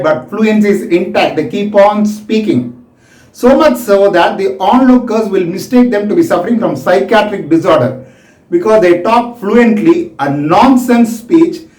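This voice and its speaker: Brief: high-voiced male lecturer, deliberate and explanatory, mic at a distance. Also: a little mellow. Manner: slow, explanatory, acts out examples. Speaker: medical lecturer. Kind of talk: recorded medical lecture. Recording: echoey room, voice from a distance.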